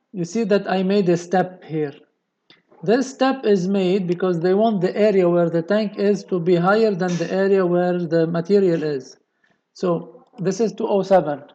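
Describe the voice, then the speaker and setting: A man's voice: high voice, warm tone, lo-fi sound. A man with a delivery, explaining a technical drawing step by step in a screen-recorded tutorial. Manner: slow, step-by-step explaining with many okays. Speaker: engineering tutorial presenter.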